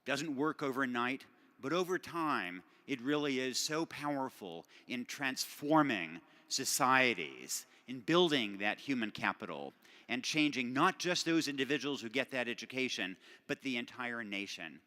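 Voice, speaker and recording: A man's voice: medium pitch, lively intonation, a little slow, sharp tone. Man speaking in a reverberant hall. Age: middle-aged. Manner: conversational, self-deprecating with frequent fillers and restarts. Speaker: award recipient giving a speech. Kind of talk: formal acceptance speech. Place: large banquet hall at a benefit dinner.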